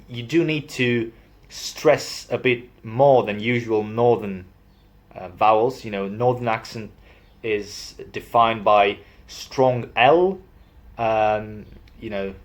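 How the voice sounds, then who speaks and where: A man's voice: mid-range voice, takes it slowly. A man in a casual vlog explaining regional accents, playful and self-deprecating with many hesitations. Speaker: video maker.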